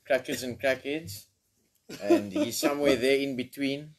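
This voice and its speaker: A man's voice: mid-range voice, big pitch swings, measured pace, creaky. A man chatting casually as a guest, dropping dry offhand remarks. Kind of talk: casual chat.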